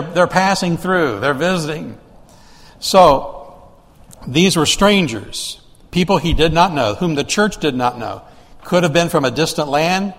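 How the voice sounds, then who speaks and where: A man's voice: on the high side, in a large hall. A man preaching a sermon in a conversational way, asking the congregation rhetorical questions and often restarting his sentences. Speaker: pastor.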